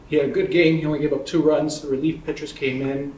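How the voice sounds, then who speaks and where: A man telling a childhood memory in plain, steady storytelling. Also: on the high side, fast. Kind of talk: personal recollection. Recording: roomy, distant, faint noise.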